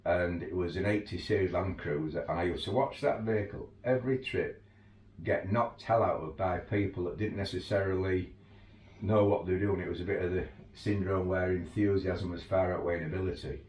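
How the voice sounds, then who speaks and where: A man's voice: deep voice, fairly even intonation, brisk, darkish tone. A man who works as an overland tour guide, casually telling stories and laughing through them. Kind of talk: casual anecdotal storytelling. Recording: roomy, distant mic, faint ambience.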